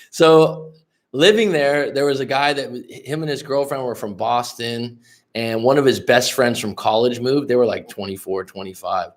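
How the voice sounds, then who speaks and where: A man's voice: mid-range voice, normal speed. Man, life coach on a livestream, loose rambling talk, swears a lot, chats with viewers, casual. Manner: rambling, profane, addresses chat viewers directly.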